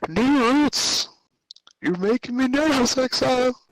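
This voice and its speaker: A man's voice: extremely high pitch, animated, measured pace, slight background noise, voice pushed up, heavily acted, poor audio. A man voicing a jittery male game character, trying one line in ever-changing inflections. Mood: squeaky.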